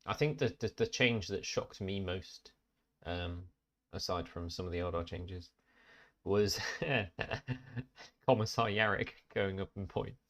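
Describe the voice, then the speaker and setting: Deep-voiced blunt man on a podcast. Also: takes it slowly, a bit bright. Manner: blunt, sweary, complaining about game rules. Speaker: podcast co-host. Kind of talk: casual chat.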